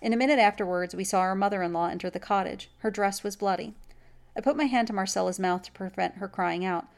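A woman narrating a classic folk tale aloud in a measured, even storytelling manner. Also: mid-range voice, creaky. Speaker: story reader.

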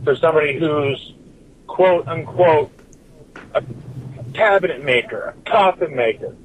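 Man, listener message, fairly high voice, profane, rambling rant. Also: a little slow, a little hiss or hum, rough recording. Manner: swears constantly, drifts from point to point. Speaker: listener sending in a recorded message.

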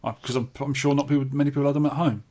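Offhand English man, mid-pitched. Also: steady tone, very fast, mellow. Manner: rambling, dry, offhand, restarts often. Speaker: podcast co-host. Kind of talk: casual chat about arcade hardware.

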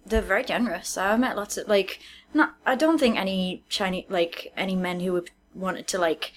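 A woman's voice: medium pitch, normal speed, a little hiss or hum. A woman co-hosting a podcast, chatting casually and laughing often, with frequent restarts. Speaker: podcast co-host. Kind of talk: casual chat.

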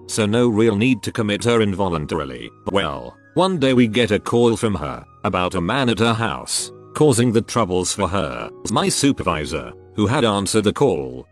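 Male narrator, low voice, lively pitch, steady storytelling read, faint music behind. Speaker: narrator reading online posts. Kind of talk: scripted narration.

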